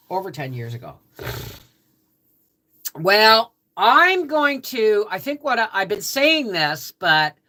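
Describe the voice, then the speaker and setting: A woman's voice: lowish voice, bright, forceful tone. A Canadian woman hosting a casual homestead livestream, greeting viewers by name in a chatty way, just out of bed. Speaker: livestream host.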